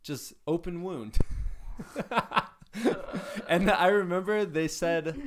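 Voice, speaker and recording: A man's voice: high-pitched, slow, background noise. A man hosting a podcast, telling rambling, self-mocking stories in a casual chat.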